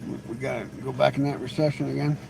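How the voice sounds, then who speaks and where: A man's voice: mid-range voice, level tone, quick pace, creaky, warm tone, rough recording. Man, live-stream host, casual rambling chat, teasing, restarts often, faint hiss behind. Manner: rambling and teasing, with frequent laughs and stammered restarts. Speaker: livestream host.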